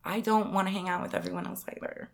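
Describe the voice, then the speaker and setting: A woman's voice: on the low side, steady tone, fast talker, vocal fry. A woman speaking frankly and with self-assurance in a candid conversation.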